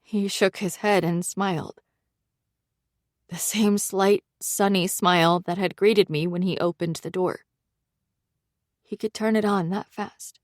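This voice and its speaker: Woman reading a thriller audiobook, slow and lowish, dry close sound. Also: fairly even intonation, dry recording. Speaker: audiobook narrator. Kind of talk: first-person audiobook narration.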